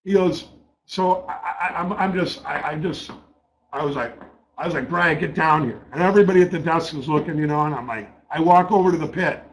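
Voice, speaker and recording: A man's voice: on the high side, brisk, rough recording. A middle-aged man telling a trading-desk story in a blunt, profane way, repeating words as he gets worked up. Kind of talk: casual spoken storytelling.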